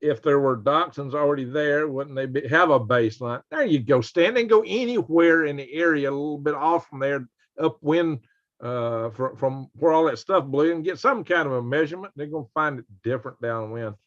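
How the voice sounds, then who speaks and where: A man's voice: a little high, a little fast, fairly bright tone. A man, hosting a casual live stream in a folksy, exclaiming way and chatting with viewers. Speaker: host. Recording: dull lo-fi sound.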